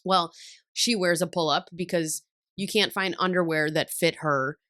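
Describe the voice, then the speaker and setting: A woman in her thirties hosts a casual podcast chat with a slightly low voice. She talks candidly, swears freely and laughs often while telling stories. The sound is close and dry. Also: steady tone, moderate pace, a bit bright, no room sound. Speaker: podcast host.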